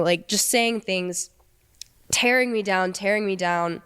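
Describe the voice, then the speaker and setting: A young woman, a guest in an interview, telling a personal story in a hesitant, halting way. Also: medium pitch, a bit bright, clean tone. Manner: hesitant, halting, many fillers.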